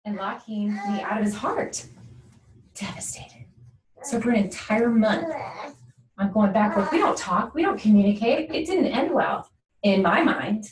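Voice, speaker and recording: A woman's voice: mid-range voice, animated, moderate pace. A woman hosting a talk show, telling a candid and emotional personal story and often checking in with "right?". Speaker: podcast host. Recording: echoey room, mic at a distance, faint noise.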